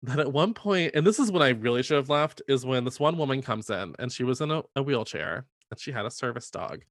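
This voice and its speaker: A man's voice: medium pitch, a little fast, no room sound. Brief: male storyteller, conversational, filler-heavy delivery, dry close sound. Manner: animated, lots of "like" fillers, acts out quoted voices. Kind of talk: casual storytelling chat.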